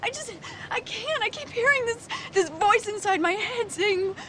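An actress playing a frightened young woman singer who is crying and speaks in halting, choked-up bursts. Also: very high-pitched, expressive, bright, forceful tone, heavily acted. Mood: tearful, scared. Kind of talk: TV movie acting.

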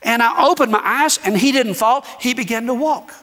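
A man preaching as a guest speaker, telling a story in an animated way and acting out the dialogue. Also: extremely high pitch. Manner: animated, acts out dialogue, dramatic pauses. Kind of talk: sermon storytelling. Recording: echoey hall reverb.

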